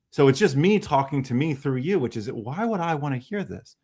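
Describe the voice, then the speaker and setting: A man in relaxed conversation on a live-streamed chat show, musing thoughtfully about openness and curiosity. His delivery is easygoing and unhurried, with the odd casual swear word thrown in. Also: fairly high pitch, slightly rough. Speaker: podcast host.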